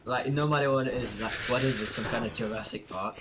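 A man's voice: mid-range voice, fast, crowd noise. A young man, riffing and swearing in a casual gaming chat over a noisy line. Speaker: gamer.

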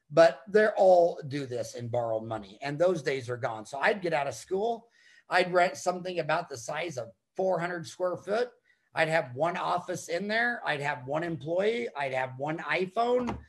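A middle-aged American dentist giving an animated, emphatic talk, telling stories with sudden swings in loudness. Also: male voice, a little high. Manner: emphatic, storytelling, quick shifts in loudness. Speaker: dentist and podcast host.

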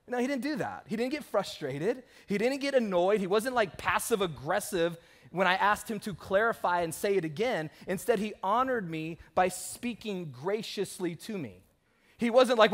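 A pastor preaches a sermon in a church sanctuary, animatedly telling stories and acting out the voices of the people in them. His voice sits high and moves at a moderate pace.

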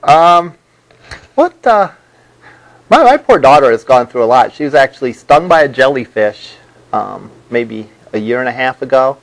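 A man's voice: medium pitch, expressive, normal speed, poor audio. A male college instructor giving a classroom lecture, rambling with many restarts and repeated words.

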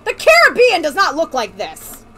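A woman's voice: extremely high pitch, wildly swooping pitch, normal speed, sharp tone, faint music behind. A woman streamer chatting while gaming, joking in mock pirate speech with a lot of swearing. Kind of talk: casual gaming chat.

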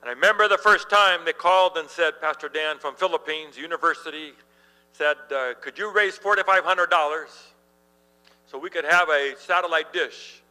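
At a moderate pace, a middle-aged pastor delivers a storytelling sermon in a large church hall, animated and chuckling while he tells his stories. His voice is fairly high for a man, clear, resonant, very bright and ringing. The rough recording has a low electrical hum beneath it.

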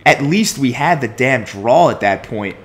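A young man commentates his soccer video game play in an expressive mid-range voice at a measured pace, with slight background noise. Exasperated, he keeps complaining and swearing at his own team.

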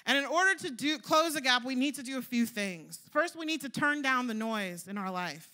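A young woman delivers a sermon with a high, bright voice. She talks in a loose, conversational way, spinning stories and leaning on "like" and "you know" as she goes. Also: lively intonation, moderate pace, hardly any pauses. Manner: chatty, storytelling, lots of "like" and "you know". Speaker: preacher.

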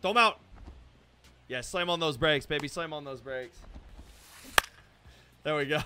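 A young man giving live gameplay commentary, excitable and self-deprecating, breaking into shouts when plays go wrong. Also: a little high, a little slow, background noise. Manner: self-deprecating, hard on himself. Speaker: gaming YouTuber.

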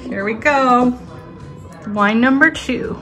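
A woman's voice: on the high side, takes it slowly, bright, forceful tone, soft background music, low-quality recording. A young woman, a nurse, chatting casually in a vlog at home and laughing often. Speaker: travel nurse vlogger. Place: home living room.

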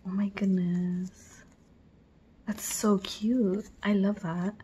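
A woman unboxing on her vlog, gushing at each item and slipping into soft whispered exclamations. She talks slowly, with long pauses between her bursts. A faint hiss of noise sits under her voice. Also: mid-range voice. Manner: gushing, excited, drops often into breathy whispers. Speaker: vlogger. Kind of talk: unboxing video.

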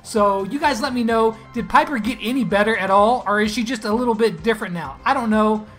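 A man talks over his own gameplay in a bright, forceful voice. He jumps between calm play-by-play and loud, laughing trash talk whenever he lands a hit. Faint game music plays underneath. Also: high-pitched, a little fast. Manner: excited, laughing, trash-talking opponents. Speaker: gaming YouTuber. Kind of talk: gameplay commentary.

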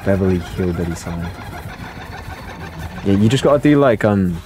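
A man's voice: sits low, expressive, moderate pace, darkish tone, slight background noise. A young man chatting playfully through a gaming livestream and answering his viewers' chat aloud. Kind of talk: casual livestream commentary.

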